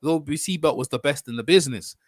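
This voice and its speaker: A man's voice: fairly high pitch, fast talker, dry recording. A man hosting a casual boxing live stream, rambling and chatting with his viewers. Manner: rambling, chatty, talks to viewers, self-corrections.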